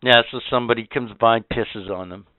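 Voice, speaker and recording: A man's voice: mid-range voice, brisk, no echo. A man co-hosting a casual podcast chat, ranting and swearing as he gets worked up. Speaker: podcast co-host. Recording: tinny phone-like sound, dry.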